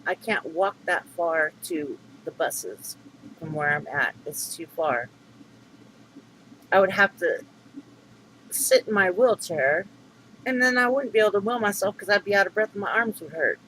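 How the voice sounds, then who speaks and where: Middle-aged man, high bright voice, rambling aggrieved vlog rant. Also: animated, unhurried, long pauses, slight background noise, poor audio. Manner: rambling, aggrieved, many fillers and restarts. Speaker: vlogger. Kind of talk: upset venting monologue.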